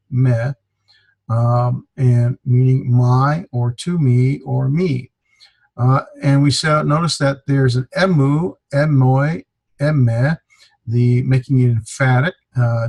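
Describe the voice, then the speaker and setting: A man's voice: medium pitch, gravelly, mellow, slightly rough, poor audio. A man teaching a Greek class in a classroom lecture, explaining steadily with many hesitant fillers.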